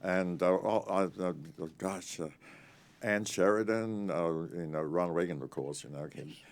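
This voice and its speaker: A man in his eighties, an actor and author telling lively, rambling Hollywood stories in an interview and acting out the people in them. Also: low-pitched. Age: 80s. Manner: animated, rambling, laughing, quick to act out others. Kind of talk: anecdotal interview storytelling.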